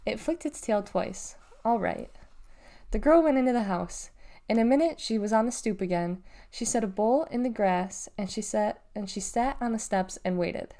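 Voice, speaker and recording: A woman reading a children's novel aloud in a measured, expressive way. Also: mid-range voice. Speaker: storybook reader.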